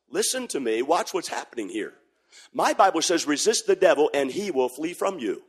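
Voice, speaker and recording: A man preaching a sermon, shouting in sing-song bursts and then dropping to a hush. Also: on the high side, big pitch swings, moderate pace, slightly rough.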